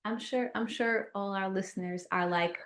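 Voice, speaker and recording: A woman's voice: mid-range voice, fairly even intonation, normal speed, a bit bright. A young woman co-hosting a podcast in casual chat, chiming in with playful quips. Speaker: podcast co-host.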